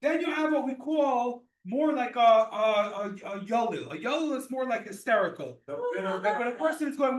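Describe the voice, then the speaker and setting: With lively intonation, a normal pace and few pauses, a man with a very high voice teaches religious law, explaining each point patiently while repeating himself and restarting sentences. The mic is far away and the room echoes heavily.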